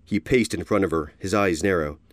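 A man giving an expressive storybook narration. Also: low voice, a little fast, no echo, studio quality.

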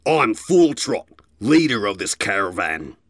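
A man's voice: lowish voice, sing-song, measured pace, dry recording, clean studio sound. A man voicing a stern, commanding gray stallion who leads a caravan, in a storybook reading.

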